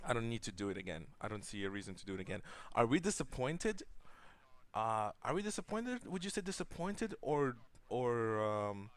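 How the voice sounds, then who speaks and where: A man's voice: mid-range voice, very animated, moderate pace. A young man co-hosting a casual gaming talk show, blunt and rambling, with crude jokes. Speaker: podcast co-host.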